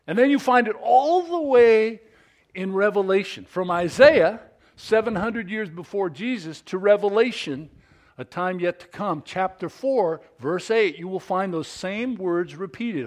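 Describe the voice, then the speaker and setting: With lively intonation and a somewhat slow delivery, a high-voiced pastor from Southern California, middle-aged, gives a homespun sermon that pokes fun at himself. He stumbles through restarts and swings between quiet asides and forceful emphasis.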